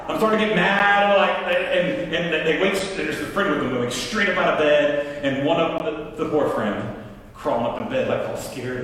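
Animated preacher in an echoing hall. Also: male voice, on the high side, normal speed. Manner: animated, acts out his own anger in quoted lines. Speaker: pastor. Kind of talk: storytelling sermon. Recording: roomy hall, mic at a distance.

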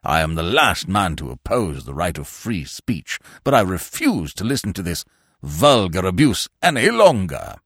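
Male narrator playing a stiff, self-important old lord, low and slow, over 60, dry booth sound. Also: very animated, fairly bright tone, no room sound, full character voice. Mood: pompous. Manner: slow, ponderous, deep and measured. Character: pompous elderly male peer, stiff and formal.

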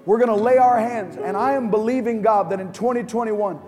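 A man preaching a sermon as pastor, swinging between impassioned, near-shouted lines and low, quiet ones. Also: brisk. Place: large church auditorium. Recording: live church sound with long hall reverb. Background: music under the preaching.

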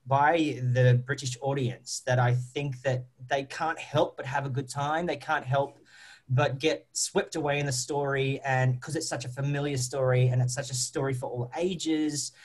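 A man's voice: medium pitch, steady tone, moderate pace. An Australian man, a stage actor, answering interview questions in an upbeat, chatty way, with plenty of ums and you-knows.

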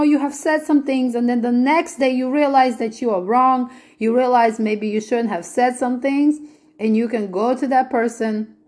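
A woman's voice: on the high side, darkish tone. Woman doing a bible study podcast, earnest, keeps asking "right?" and repeating herself. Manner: earnest, repeats points, asks rhetorical questions.

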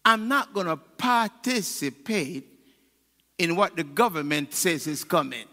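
A man preaching a fervent sermon as pastor of a church, rising to shouted peaks and calling on the congregation to answer back. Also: a little high, lively intonation, measured pace, in a large hall. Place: church sanctuary.

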